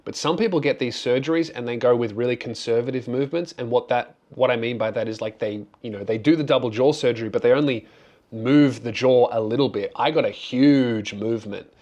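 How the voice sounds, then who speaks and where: A man's voice: mid-range voice, a little fast, darkish tone. A young adult man, a comedian hosting his own channel, answers questions in a casual, candid way. He sounds earnest and grateful and rambles with frequent restarts.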